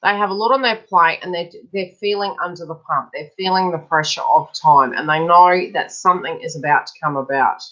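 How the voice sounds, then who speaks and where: A woman's voice: lowish voice, a little fast, hardly any pauses, fairly bright tone, lo-fi sound. A woman giving a casual, chatty live tarot reading. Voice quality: chatty, breaks off to talk to people nearby. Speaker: psychic tarot reader.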